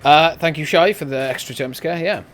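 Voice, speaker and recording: A man's voice: moderate pace, background noise. A man hosting a podcast on his live stream, chatting casually and laughing often. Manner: joking, laughs often, lively swings in pitch.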